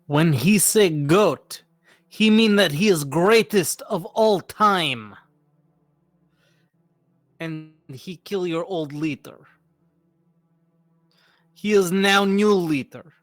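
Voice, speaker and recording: A man's voice: sits high, takes it slowly, long pauses, no echo. A man voicing a blunt male adventurer who speaks in broken goblin-style grammar. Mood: boastful.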